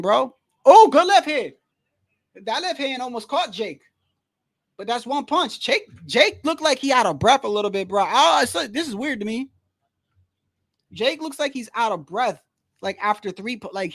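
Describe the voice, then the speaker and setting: Male streamer, high-pitched, slangy and blunt, casual live fight commentary, dry close mic. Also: fairly bright tone, no room sound. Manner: slangy, says "bro" constantly, blunt and opinionated.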